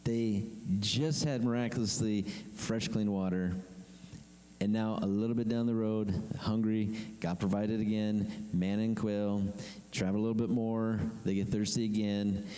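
Male pastor, animated conversational sermon, mellow tone, reverberant hall sound. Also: lowish voice, a little slow. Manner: animated preaching, acts out complaining voices.

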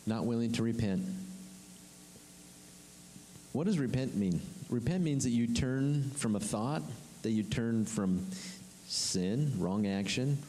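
A man's voice: mid-range voice, warm tone, slight background noise. Man preaching in a reverberant hall. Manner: emphatic, repetitive preaching with dramatic pauses and drops to a whisper. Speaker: pastor. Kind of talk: sermon.

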